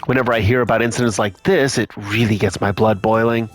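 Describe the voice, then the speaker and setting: Edwin, a man doing a brisk, boastful reporter. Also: on the low side, fairly even intonation, no room sound, faint music behind, lightly acted. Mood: eager. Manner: fast, eager and boastful. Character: brisk, self-important male newspaper reporter.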